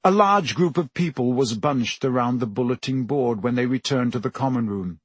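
A man's voice: medium pitch, normal speed, husky, no room sound. A man reading a novel aloud as an audiobook narrator, telling the story steadily. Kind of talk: scripted narration.

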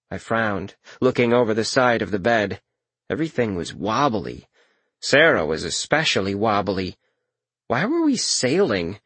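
A man reading a first-person audiobook in a measured, wry manner. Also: on the low side, big pitch swings, a bit bright, breathy edge, no echo. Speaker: narrator.

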